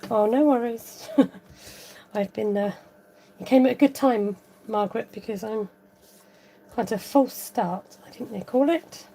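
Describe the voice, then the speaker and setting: A woman's voice: a little high, warm tone, a little hiss or hum. A woman chatting casually and giggling as she demonstrates a papercraft tutorial at home. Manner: chatty, giggly, talks while working. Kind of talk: casual crafting tutorial chat.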